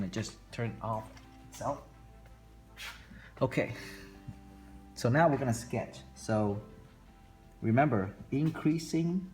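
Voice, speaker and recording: A man with a fairly low voice teaches a math lesson, talking slowly and repeating each step as he sketches. Faint music plays in the background. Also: darkish tone. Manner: slow, repetitive, talking through steps while sketching. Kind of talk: classroom lecture recorded for students.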